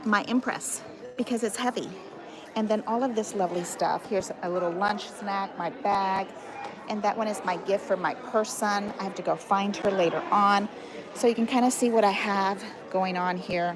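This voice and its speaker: Woman, livestream craft host, chatty, affectionate, mid pitch, crowded noisy hall. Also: normal speed, crowd noise. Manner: chatty, affectionate, greets viewers by name. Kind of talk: casual livestream chat. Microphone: phone camera.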